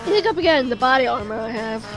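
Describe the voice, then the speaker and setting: A woman's voice: high voice, animated, fast, music in the background. A young woman giving live commentary while playing a video game, chatting with viewers and swearing in frustration.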